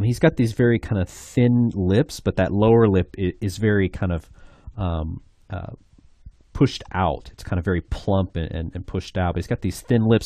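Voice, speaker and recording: Male art instructor, low register, very dry close-mic sound, loose and casual tutorial narration. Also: warm tone, no echo. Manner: easygoing, loose delivery with many "kinda" and "um" fillers. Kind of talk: drawing tutorial voice-over.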